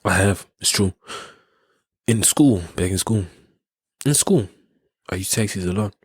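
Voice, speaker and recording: A man's voice: on the low side, a little slow, breathy edge, no echo, clean studio sound. A young South African man hosting a podcast, telling a story in a rambling way with many restarts and frequent laughs. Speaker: podcast host. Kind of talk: casual storytelling.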